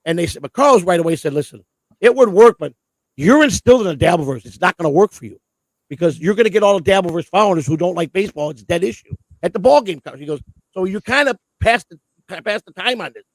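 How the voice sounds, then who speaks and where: A gravelly, somewhat high-voiced man talks through a long story in a casual chat. His delivery rambles and swears freely, often tripping over repeated words before a sentence gets going. The sound is dry and close. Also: expressive, quick pace, no room sound, poor audio. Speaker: co-host. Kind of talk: casual chat, telling prison stories.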